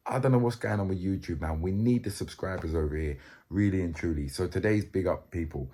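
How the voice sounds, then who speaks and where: A man's voice: low-pitched, a little fast, warm tone, a little hiss or hum. A young man, chatting to camera in a casual, joking, slang-filled way. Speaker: vlogger.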